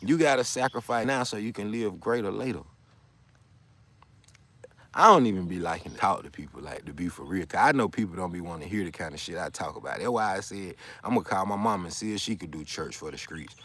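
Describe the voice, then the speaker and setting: A man's voice: low-pitched, expressive, quick pace, fairly bright tone. A man, rambling on a casual livestream, swearing and taunting a viewer in the chat.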